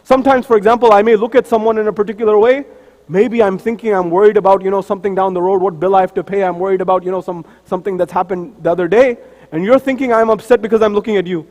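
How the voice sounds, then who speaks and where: A man's voice: high-pitched, fairly even intonation, fast, a little mellow. Man, sermon storytelling, acts out the speakers' lines, long hall reverb. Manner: acts out the dialogue of figures in his story. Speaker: speaker at a mosque. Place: mosque hall.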